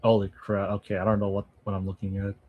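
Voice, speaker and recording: A man chats loosely with his viewers on a livestream, often breaking into laughter. His talk wanders, with half-finished thoughts and quick asides. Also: lowish voice, completely flat delivery, narrow, tinny audio. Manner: chatty, laughs often, thinks aloud with trailing asides. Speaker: language-learning streamer. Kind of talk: casual livestream chat with viewers.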